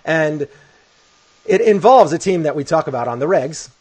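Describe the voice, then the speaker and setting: A man hosting a casual sports talk show, telling stories in an animated way with many restarts. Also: on the high side, normal speed, husky, poor audio. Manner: animated storytelling with lots of restarts. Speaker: podcast host.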